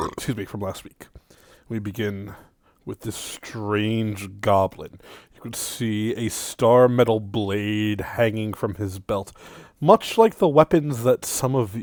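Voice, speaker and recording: A man narrating as game master of a tabletop game in a measured, descriptive way. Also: fairly low pitch, darkish tone, dry recording, clean studio sound. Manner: measured, descriptive, sometimes trails off.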